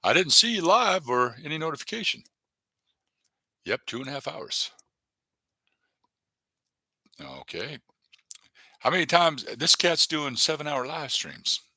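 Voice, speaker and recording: Male stream host, lively pitch, bright edge, dry close sound, rambling and jokey with his chat. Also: unhurried, long pauses, no echo. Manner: rambling, jokey, talks to chat viewers by name. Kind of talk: casual live-stream chat. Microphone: desk webcam setup.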